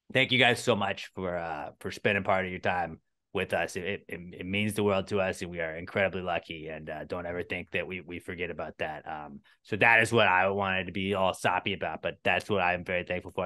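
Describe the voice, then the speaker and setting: Young male co-host, casual and profane, lowish pitch, bright and clean. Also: fairly even intonation, fairly quick. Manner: laid-back, profane, heartfelt. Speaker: podcast co-host. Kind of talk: casual podcast chat.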